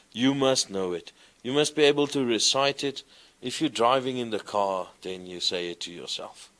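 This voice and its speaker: A man teaching a class, explaining grammar slowly and reciting verb forms in a sing-song way. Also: medium pitch, a bit bright. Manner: slow, deliberate, recites conjugations in a sing-song. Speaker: lecturer. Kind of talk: classroom lecture.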